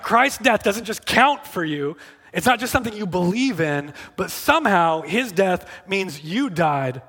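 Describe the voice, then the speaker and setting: High-voiced male preacher, echoing hall. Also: a bit bright. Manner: emphatic, conversational, repeats words when starting a phrase. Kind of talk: sermon.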